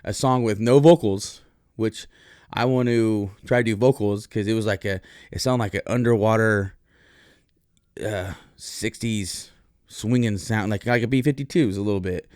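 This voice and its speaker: A man's voice: fairly low pitch, moderate pace, a little mellow, smooth, no echo, clean studio sound. A man hosting a podcast, talking in a loose, profane, rambling monologue full of fillers. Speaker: podcast host.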